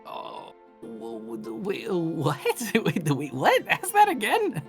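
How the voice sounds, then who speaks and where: Excitable, playful male guest. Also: a little high, unhurried, soft background music. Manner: excitable, laughs a lot, playful. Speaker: voice actor guest. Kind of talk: casual interview chat.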